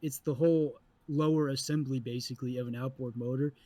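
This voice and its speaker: A man co-hosting a podcast, telling a story in an animated, profane way and acting out the people in it. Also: mid-range voice, a little fast, no room sound. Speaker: podcast co-host. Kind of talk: casual storytelling chat.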